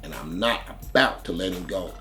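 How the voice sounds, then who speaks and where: A man telling a story in a casual monologue as host, profane and animated, punching out sound words for the blows. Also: low voice, fairly quick, soft background music. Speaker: host recounting prison stories.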